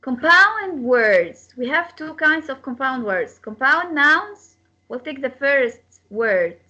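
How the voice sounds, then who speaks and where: A woman's voice: high-pitched, very animated, takes it slowly, bright, forceful tone, lo-fi sound. A woman teaching an English class on word and sentence stress, repeating words and breaking them into syllables, with small grammar slips. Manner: non-native grammar slips.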